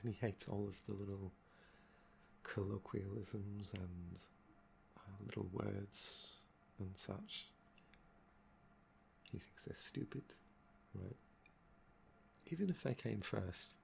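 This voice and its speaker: A young man with a gravelly, fry-laden voice, talking in a soft-spoken ASMR chat that meanders and trails off. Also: on the low side, slow pace, pauses often, a little hiss or hum. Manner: meandering and musing, often trailing off with "um". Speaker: ASMR channel host.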